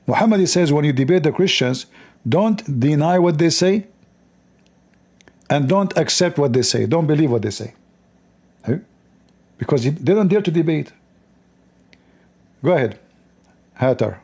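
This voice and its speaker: A man's voice: on the high side, lively intonation, moderate pace, long pauses, a little mellow, husky. Mocking man. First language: Arabic. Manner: mocking, repetitive, emphatic. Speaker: host of a call-in debate show. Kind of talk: combative live-stream commentary.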